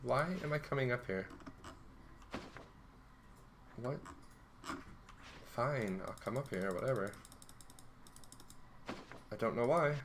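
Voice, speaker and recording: An American man streams a video game, giving casual commentary in a medium-pitched voice, speaking slowly and pausing often. He rambles, swears a lot, and laughs frequently, while game music and keyboard typing fill the noisy background.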